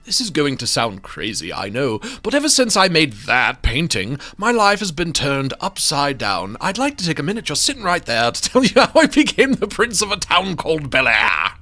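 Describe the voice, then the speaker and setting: A man's voice: fairly high pitch, lively intonation, moderate pace, a bit bright. A man voicing an anxious, paranoid male painter in a video game, talking in a jittery, pleading way. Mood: frantic.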